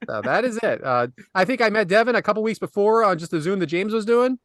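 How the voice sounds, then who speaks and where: Brief: male podcast co-host, light high voice, chatty and laughing, dry close mic. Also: expressive, fast talker, a bit bright, no room sound. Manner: chatty, laughs often, reads listener questions. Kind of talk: casual podcast chat.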